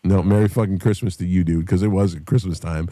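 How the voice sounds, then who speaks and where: A man's voice: sits low, brisk, dry recording. Profane storytelling man, dry close sound. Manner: profane, animated storyteller who shouts when quoting others. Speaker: podcast host. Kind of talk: casual storytelling chat.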